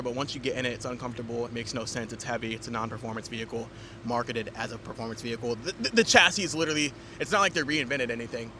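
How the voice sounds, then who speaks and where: A man's voice: medium pitch, background noise. A man giving a casual, rambling car review vlog from inside a car, with lots of fillers and restarts. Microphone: camera mounted in the car.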